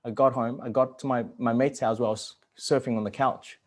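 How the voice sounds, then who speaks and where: Male guest speaker on a video call: earnest personal storytelling, casual swearing, middle-pitched voice, swings from hushed to loud and excited. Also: fairly quick.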